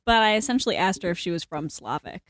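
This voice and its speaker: A teenage girl telling a story in a casual podcast chat, animated, full of "like" and acted-out dialogue. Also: on the low side, fast talker, dry recording, studio quality. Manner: animated, lots of "like", acts out quoted dialogue.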